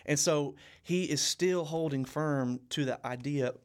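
A man's voice: on the high side, unhurried, clean tone. A young man co-hosting a casual Bible study podcast, earnest and often repeating and restarting his phrases. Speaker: co-host.

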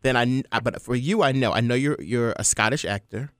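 A man's voice: medium pitch, brisk, a bit bright, no echo, clean studio sound. A man hosting a casual interview, talking in an eager, gushing way with many fillers. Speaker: interview host.

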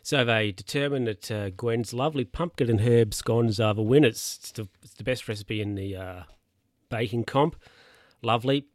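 A man's voice: medium pitch, normal speed, no room sound. Male podcaster, dry close sound, loose filler-heavy recap delivery. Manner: rambling, filler-heavy, self-correcting. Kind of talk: casual film recap.

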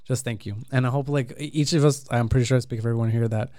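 Young guy co-host, talks fast, cracks jokes, mid voice, dry mic. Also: mid-range voice, fairly even intonation, warm tone, dry recording. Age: young adult. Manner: quick, joking. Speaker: podcast co-host. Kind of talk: casual chat. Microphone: headset.

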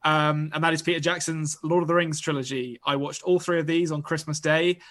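Bright-voiced man co-hosting a podcast. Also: a little high, steady tone, a little fast. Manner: enthusiastic, repeats words when starting. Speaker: podcast co-host. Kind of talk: casual chat.

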